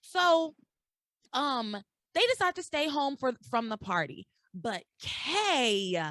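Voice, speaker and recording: A woman's voice: high-pitched, very animated, takes it slowly, fairly bright tone, no echo. A woman hosting a podcast, recapping episodes in casual chat, acting out characters' lines and swearing freely. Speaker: podcast host.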